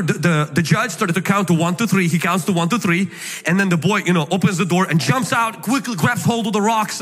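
A male pastor preaching a sermon, emphatic and animated, at times shouting his points. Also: high voice. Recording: echoey hall with faint music.

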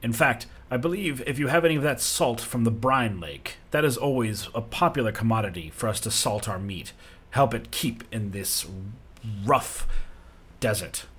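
A man's voice: medium pitch, lively intonation, normal speed, fairly bright tone, slightly rough. A man voicing a huge, proud male fire giant king who speaks grandly and theatrically. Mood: grand, amused.

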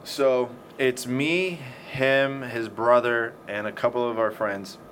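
A man's voice: medium pitch, steady tone, slow, a bit bright. A man telling a story in casual chat, swearing often and acting out the scenes. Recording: faint background noise.

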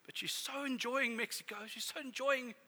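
A middle-aged man preaching a sermon as a pastor, telling family stories in a conversational, animated way. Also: extremely high pitch, normal speed.

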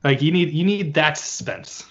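A man's voice: on the high side, normal speed, fairly bright tone, muffled recording. A man co-hosting a casual podcast chat, playfully spinning wild hypotheticals. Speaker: podcast co-host.

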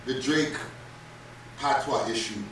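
A man's voice: medium pitch, slow pace, fairly bright tone, distant mic. Casual male host, rambling and profane; roomy, noisy phone recording. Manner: laid-back, profane, rambling. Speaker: podcast host. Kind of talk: casual chat. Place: room, streamed live on a phone. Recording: echoey room, off-mic, background noise.

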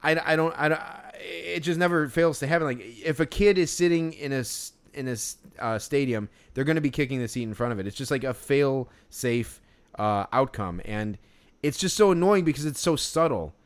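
A man tells a story at an easy, chatty pace, stumbling through fillers and restarts as he goes. His voice is smooth and resonant, sitting in an ordinary middle pitch. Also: moderate pace. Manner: rambling, lots of fillers and restarts. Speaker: podcast co-host. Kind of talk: casual storytelling chat.

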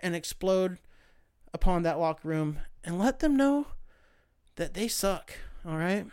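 A man hosting a podcast, telling comic stories in a profane, rambling, animated way. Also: high voice, unhurried, clear, resonant tone, no echo, clean studio sound. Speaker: podcast host. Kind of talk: casual comedic storytelling monologue.

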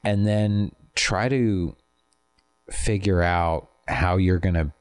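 A man in casual conversation, explaining his views in a thoughtful, measured, self-deprecating way. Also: low voice, smooth. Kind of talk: casual chat.

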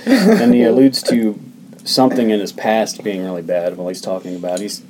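A man's voice: lowish voice, moderate pace, a loud crowd, low-quality recording. A man co-hosting a podcast, casually recapping a film's plot with plenty of uhs and likes. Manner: relaxed storytelling, hedges with uh and like. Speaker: podcast co-host recapping the film.

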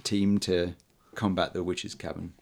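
Podcast host, male, very low voice, hesitant casual delivery with lots of fillers. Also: flat delivery, creaky. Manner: halting, many ums and uhs, chuckles often. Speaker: podcast host reviewing old films. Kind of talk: casual chat.

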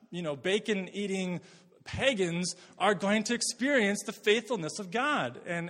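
A man's voice: high-pitched, a bit bright, in a large hall. A man from Canada preaching a sermon as pastor, conversational and earnest, often repeating words as he thinks aloud.

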